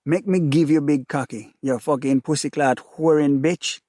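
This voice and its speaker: A man's voice: a little high, moderate pace, mellow, dry recording, clean studio sound, lightly acted. A man with a Jamaican accent voicing a jealous, violent father who curses coarsely. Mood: vicious. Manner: coarse, cursing.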